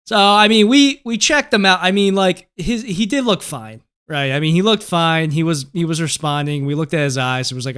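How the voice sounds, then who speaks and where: A man with a fairly high voice talks loosely and off the cuff, packing his sentences with fillers and the odd curse. His tone is smooth and resonant. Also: moderate pace, few pauses, fairly bright tone. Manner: rambling, filler-heavy and profane, often laughing. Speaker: crypto news show host. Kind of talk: casual commentary and storytelling.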